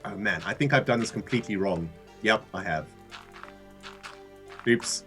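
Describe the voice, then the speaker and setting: An animated man with a South African accent tells a funny story on a casual livestream. His pitch swings widely as he talks, stumbling and restarting and laughing along the way. Faint background music plays under him. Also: moderate pace. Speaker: co-host of a game livestream.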